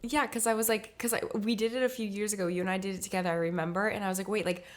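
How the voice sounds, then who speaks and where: A woman from New England with a mid-range voice and a quiet, low-key delivery. She co-hosts a casual podcast and tells a small story about looking something up. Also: flat delivery, rapid-fire. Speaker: podcast co-host.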